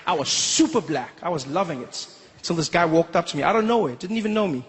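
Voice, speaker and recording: A man from South Africa performing a lively stand-up comedy set, telling stories and slipping into voices. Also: on the high side, fast talker, in a large hall. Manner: animated, storytelling, lots of voices.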